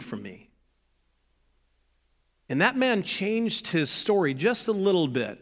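A man preaching a sermon as pastor, animated, acting out shouted pleas from the story. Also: high voice, slow pace, big-room sound.

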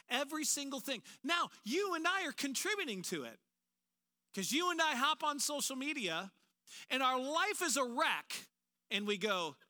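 A man preaching a sermon as a pastor in a large church auditorium, animated and acting out quoted voices. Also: very high voice, normal speed.

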